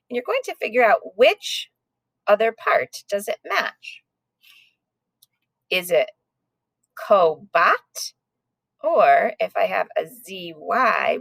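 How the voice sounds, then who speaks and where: Slow, patient woman teaching phonics. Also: on the low side, creaky, husky, no room sound. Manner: slow, patient, sounding out letters. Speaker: second grade teacher. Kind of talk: recorded phonics lesson.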